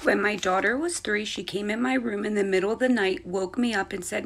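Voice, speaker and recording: A woman's voice: mid-range voice, brisk, creaky, few pauses. Chatty mother telling a ghost story. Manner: chatty, animated retelling. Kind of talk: casual storytime.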